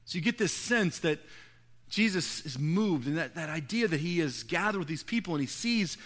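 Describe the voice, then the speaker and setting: A man's voice: a little high, lively intonation, moderate pace, fairly bright tone. A man preaching a sermon, retelling a scripture story in casual, conversational paraphrase. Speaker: pastor.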